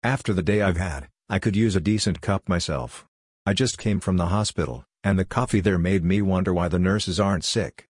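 Grumpy wisecracking guy, read by a man, deadpan, low husky voice. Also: a little fast, no room sound, studio quality. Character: wry, grumpy man who jokes dryly.

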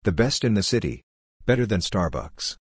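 A man's voice: on the low side, sing-song, moderate pace, husky, dry recording, studio quality. Man voicing a chatty, easily upset young woman.

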